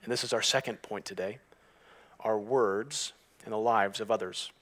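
Bright-voiced man preaching a sermon. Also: on the low side, normal speed. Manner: earnest preaching, shifting from hushed to emphatic; reads scripture aloud. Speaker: pastor.

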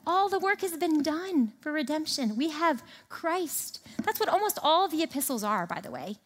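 A woman with a high voice preaching a sermon. She talks in a relaxed, conversational way, reads passages aloud, then retells them in plain everyday words. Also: normal speed. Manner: animated, conversational, reads scripture aloud and paraphrases it casually. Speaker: speaker teaching a Bible passage.

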